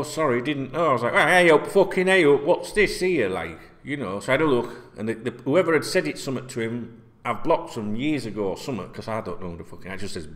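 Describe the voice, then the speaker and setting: A man's voice: mid-range voice, fairly bright tone. A man, ranting casually and bluntly to camera as a football vlogger, swearing often and rambling between topics. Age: 40s.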